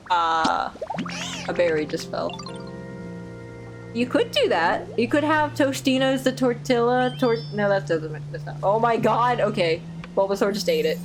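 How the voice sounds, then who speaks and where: A woman streaming a game, chatting casually and sleep-deprived, playful, rambling and quick to laugh. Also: medium pitch, low-quality recording. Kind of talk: casual gameplay commentary. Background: game music.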